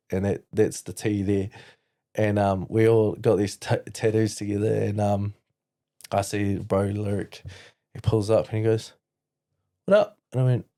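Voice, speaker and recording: A young man with a New Zealand accent, a podcast guest telling a personal story in a halting way, full of restarts and "like". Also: on the low side, dark tone. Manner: halting, frequent "like" and restarts, quoting others. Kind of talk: candid storytelling interview.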